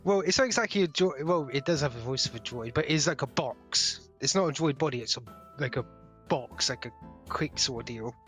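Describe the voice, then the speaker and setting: A man's voice: medium pitch, a little fast, fairly bright tone, faint music behind. A man narrating a tabletop game as game master, in a loose, chatty way.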